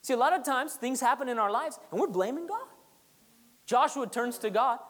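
With the long reverb of a large hall around them, a pastor delivers a conversational sermon in a high, lively, fairly bright voice at normal speed. They drive points home through repetition and tease the congregation.

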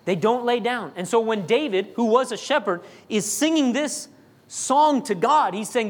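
A man's voice: very high voice, normal speed. A man preaching a sermon, talking to the congregation in a chatty way, full of jokes and asides. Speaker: pastor.

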